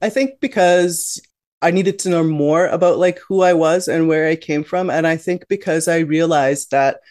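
A middle-aged Canadian woman, guesting on an interview, reflects candidly on her life story, often restarting sentences and saying "you know." Her voice sits low with a darkish tone at a moderate pace. The studio-quality recording has no room sound.

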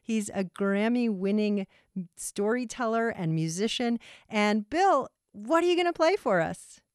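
A woman's voice: on the high side, expressive, a little slow, dry recording. Bubbly woman radio host. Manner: enthusiastic, exclaiming. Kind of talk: lively radio interview hosting. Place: her own studio.

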